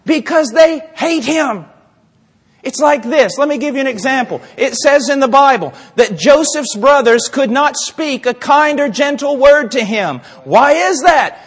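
A male preacher delivering a dramatic sermon, swinging between hushed asides and shouting, acting out little scenes with voices. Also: extremely high pitch, animated, normal speed, few pauses. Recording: long reverb of a large hall.

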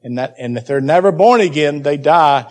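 Guy preaching a bible lesson, fairly high voice, hammers the same phrase over and over. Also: lively intonation, normal speed. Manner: emphatic, repeats key phrases for stress. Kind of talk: Bible teaching sermon.

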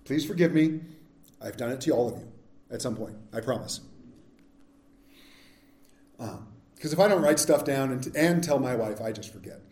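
A man's voice: medium pitch, expressive, normal speed, long pauses, darkish tone. A man preaching a sermon as pastor, candid and self-deprecating in a conversational way. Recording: echoey church sanctuary.

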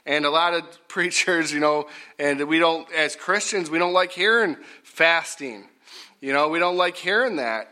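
A middle-aged man preaching a folksy sermon, repetitive and rising to loud emphatic bursts. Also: a little high, moderate pace.

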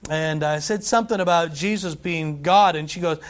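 Animated high-voiced male preacher. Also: moderate pace. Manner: animated preaching, scripture read aloud with emphasis, asides and laughs. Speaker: pastor. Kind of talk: sermon.

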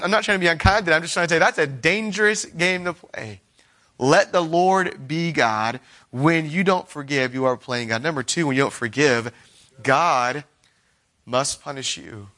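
A man's voice: a little high, bright, forceful tone. A man preaching an earnest sermon, reading scripture aloud and acting out the voices of the people he quotes.

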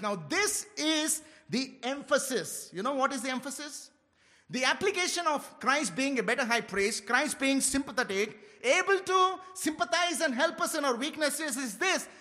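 A man preaching an expository sermon, earnestly shifting between quiet reflection and loud exhortation. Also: extremely high pitch, long reverb tail. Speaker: pastor.

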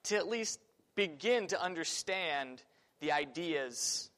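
Teaching Sunday school in a church classroom, this man has a somewhat high, fairly bright voice and takes things slowly while staying animated. He chats casually, working through his thoughts with fillers and restarts, and the space leaves a long reverb that lingers.

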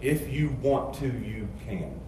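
A man preaching a sermon, moving between quiet, low storytelling and loud, emphatic passages. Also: lively intonation, slow, background noise. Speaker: pastor. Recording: echoey church sound from a distance.

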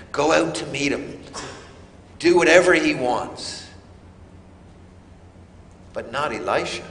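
A man preaching a sermon, slow and emphatic with dramatic pauses. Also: on the high side, a bit bright, reverberant, big-room sound, slight background noise. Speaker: pastor.

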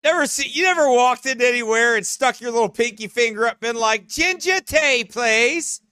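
A man teasing a friend in casual, joking banter, playful and animated. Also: very high-pitched, quick pace, clean tone, no echo, studio quality.

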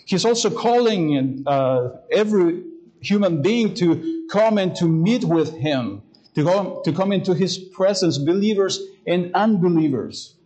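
Male pastor, sermon delivery, a touch high-pitched, hesitant storyteller, slows deliberately for scripture readings. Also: expressive, a little mellow, low-quality recording. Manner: hesitant, many fillers in the anecdote, slowing to read scripture.

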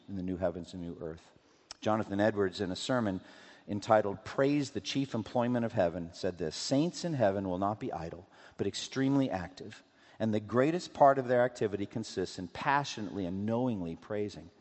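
Earnest preacher man in a reverberant church. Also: fairly low pitch. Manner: earnest, swells loud on scripture then drops to hushed appeals. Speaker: pastor. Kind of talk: sermon. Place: church sanctuary.

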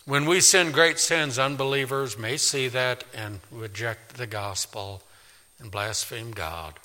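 A male pastor preaching a sermon in a church, emphatic, swinging from loud declaring to quiet pleading. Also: medium pitch, takes it slowly. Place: church sanctuary. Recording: long reverb of a large hall.

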